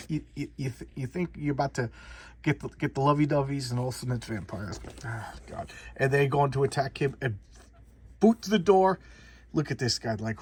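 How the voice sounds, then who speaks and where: A man's voice: mid-range voice, moderate pace, slightly rough. A man doing a casual comic book showcase, rambling and often repeating and restarting words.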